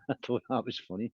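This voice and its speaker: A man's voice: mid-range voice, husky, dry recording, highs cut off. A man, hosting a casual livestream chat, rambling, laughing and swearing a lot. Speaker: livestream host.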